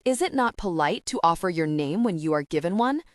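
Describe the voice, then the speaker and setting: A woman's voice: on the low side, expressive, brisk, no echo, studio quality, natural voice. Woman voicing a formal French vampire man. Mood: weary, formal. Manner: stiffly polite, formal phrasing. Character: wounded young male French vampire, formal. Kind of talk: audiobook character reading.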